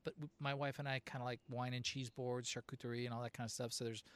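A man's voice: mid-range voice, little pitch movement, fast, fairly bright tone, smooth. A middle-aged man from Southern California hosting a casual chat, telling stories and laughing often. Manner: chatty storyteller, laughs often.

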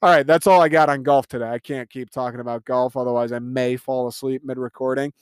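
A man's voice: medium pitch, steady tone, fast talker, smooth, dry recording. A young man hosting a casual solo podcast, ranting in a profane, incredulous, rambling way and laughing often. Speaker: podcast host.

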